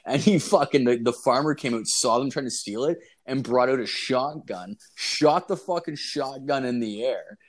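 A man's voice: medium pitch, moderate pace, hardly any pauses. A young man co-hosting a podcast, telling rambling, profane stories in casual chat and laughing through them. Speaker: podcast co-host.

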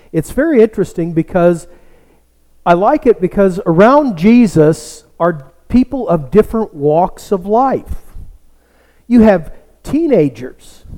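Male pastor, sermon, slow storytelling pace, mellow dark tone, long church reverb. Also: a little high. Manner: slow, storytelling delivery that drops to a hush for emphasis.

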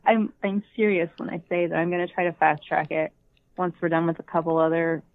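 A woman's voice: lowish voice, level tone, a little fast. Rambling woman on a tinny phone line. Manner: rambling, wry, self-deprecating. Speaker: podcast guest. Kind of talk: casual chat. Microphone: phone call.

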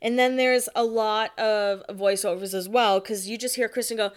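A woman's voice: medium pitch, steady tone, normal speed, clean tone. A woman in her twenties recapping a reality show in casual chat. She swears often and acts out the quotes. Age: 20s.

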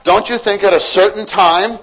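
Husky male preacher, storytelling sermon, keeps throwing questions at the room. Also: high voice, moderate pace, poor audio. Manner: questions to the congregation, animated storytelling.

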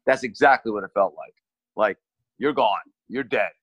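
A man's voice: on the low side, normal speed, a bit bright, breathy edge, no echo, low-quality recording. A middle-aged man earnestly recounting a rescue he led, often restarting and repeating words as he remembers. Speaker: relief team leader recounting a rescue. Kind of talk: personal storytelling in conversation.

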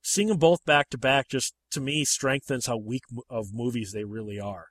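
A man hosting a casual movie chat, talking in an animated, emphatic way. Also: moderate pace, no echo. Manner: animated and emphatic, with sharp rises in pitch when making a point.

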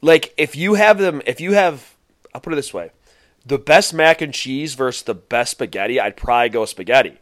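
A man's voice: medium pitch, expressive, normal speed, no echo, studio quality. A man co-hosting a podcast, chatting casually and animatedly, swearing and laughing often. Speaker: podcast co-host. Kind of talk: casual chat recapping a reality dating show.

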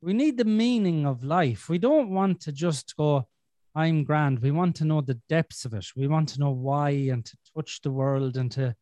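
A man's voice: on the high side, expressive, normal speed, few pauses, mellow, no echo. A man hosting a podcast in casual chat, blunt and sweary with a self-deprecating streak. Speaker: podcast host.

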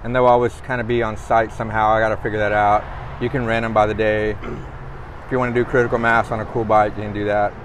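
A man, hosting a casual livestream chat in a relaxed, slangy way. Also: lowish voice, quick pace, noisy background. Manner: relaxed, laughs easily, slangy. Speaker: coffee shop owner and host.

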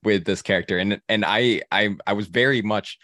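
Low-voiced halting man discussing films. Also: bright, forceful tone, no echo, studio quality. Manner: halting, many restarts and fillers. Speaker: film podcast host. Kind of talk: casual film discussion.

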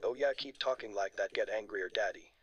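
A man putting on a creepy, breathy male phone caller who talks quietly and fast. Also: lowish voice, dull audio, background noise, pitched below the performer's own voice, close to an everyday voice. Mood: eager.

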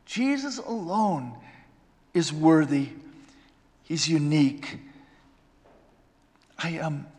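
Emphatic preacher in a reverberant hall. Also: male voice, a little high, sing-song, extremely slow, pauses often. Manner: emphatic, swings from loud exclamations to hushed storytelling. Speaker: pastor. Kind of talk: sermon.

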